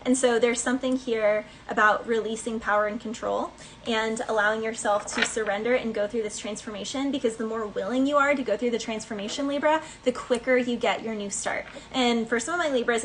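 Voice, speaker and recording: A woman's voice: on the high side, steady tone, fairly quick, a bit bright, slight background noise, low-quality recording. A woman giving a casual collective tarot reading, chatty and rambling, with many fillers and snatches of song. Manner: breaks into bits of song. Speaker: tarot reader.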